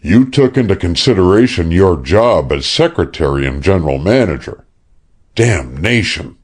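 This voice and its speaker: A man's voice: low voice, sing-song, moderate pace, a little mellow, breathy edge, heavily acted. A man voicing a harsh, angry older uncle in an audiobook.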